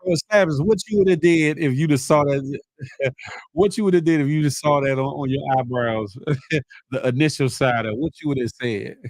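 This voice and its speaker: A man hosting a casual live morning show, chatting with viewers, laughing often and animated as he reads their comments. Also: on the high side, moderate pace, no room sound, low-quality recording. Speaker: livestream morning show host.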